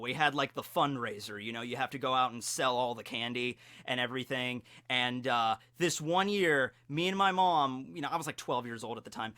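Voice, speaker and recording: An excitable man talks through an anime episode with lively storytelling and the occasional curse. His voice sits high and bright, with a bright, cutting edge. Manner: excitable, animated storytelling with swearing. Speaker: anime commentary youtuber. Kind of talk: casual commentary.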